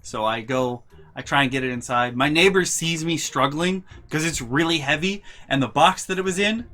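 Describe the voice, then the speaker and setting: A young man telling a comic storytime vlog with animated, profane, exasperated delivery. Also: a little high, normal speed. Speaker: vlogger.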